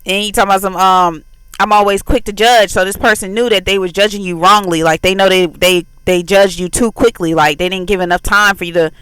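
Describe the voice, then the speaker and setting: Woman on her faith channel going over song lyrics, bright crisp voice, super loose and chatty, acts out the quotes. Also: mid-range voice, fairly quick, no room sound, rough recording. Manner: animated, acts out quoted lines in exaggerated voices; loose, repetitive "like" filled delivery. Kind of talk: casual commentary breaking down song lyrics.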